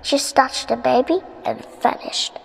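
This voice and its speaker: A woman with an Indonesian first language reads a bedtime story in a hushed, gentle manner. Her voice is high and husky, and she reads slowly. A long hall reverb trails each line. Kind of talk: bedtime read-aloud storytelling.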